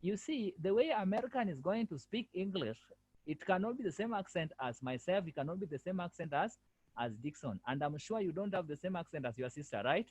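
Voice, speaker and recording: A man's voice: sits high, lively intonation, brisk, a little mellow, husky, no room sound. A male French language lecturer giving an online lesson over a video call, repeating himself and firmly correcting students. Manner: repetitive, firm corrections.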